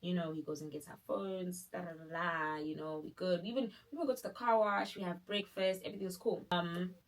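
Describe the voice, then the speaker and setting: A young woman, telling a dramatic personal story in a casual, animated way full of fillers. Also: fairly low pitch, brisk. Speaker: vlogger.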